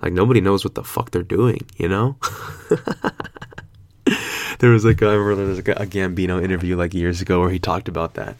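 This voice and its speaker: A man's voice: deep voice, fairly even intonation, fairly quick, long pauses, no room sound. A man in his twenties talking in a laid-back, slangy vlog monologue, swearing freely and rambling with lots of fillers. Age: 20s. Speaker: vlogger.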